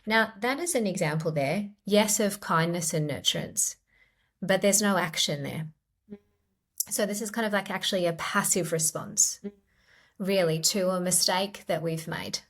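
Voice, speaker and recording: A middle-aged woman, a clinical psychologist, explaining ideas gently in a podcast interview. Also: fairly low pitch, moderate pace. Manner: gentle, explanatory, acts out quoted inner voices.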